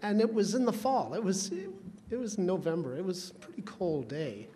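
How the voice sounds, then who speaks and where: A man's voice: sits high, very animated, moderate pace, dark tone. A man telling rambling, folksy comic stories as a roaster at a charity roast, teasing the guest of honor. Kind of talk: comedic roast storytelling. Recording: long hall reverb, faint room noise.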